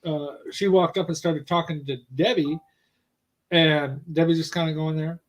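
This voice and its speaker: A man's voice: fairly high pitch, fairly even intonation, normal speed, poor audio. A man in a casual chat who backs up his wife with short agreeing replies and finishes her sentences. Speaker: co-host of a couple's channel.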